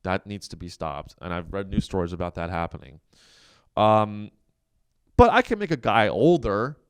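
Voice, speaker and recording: A man's voice: lowish voice, expressive, normal speed, clear, resonant tone, dry recording, studio quality. Sarcastic, rambling male podcast host. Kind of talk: comedic monologue. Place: coworking office.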